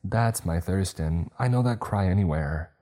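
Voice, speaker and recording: A man voicing a nosy, sharp-tongued elderly woman neighbor who scolds and judges. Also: low-pitched, normal speed, faint music behind, pitched above the performer's own voice, lightly acted. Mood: scolding. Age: older.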